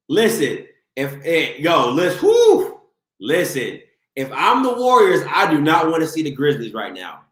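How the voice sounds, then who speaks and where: Host, male, high lively voice ranting on a live stream from an echoey room. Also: measured pace. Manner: animated, talks over himself, mocks viewers. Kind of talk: live-stream sports rant.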